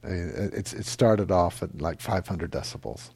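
A middle-aged man teaching a meditation class, answering questions in a relaxed, halting way with many fillers. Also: sits low, a little hiss or hum. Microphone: microphone.

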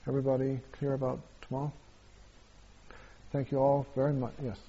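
Husky guy teaching meditation, stops and restarts a lot, dull lo-fi sound. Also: mid-range voice, monotone, warm tone. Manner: halting, many restarts and fillers, chuckles often. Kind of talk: answering questions at a retreat.

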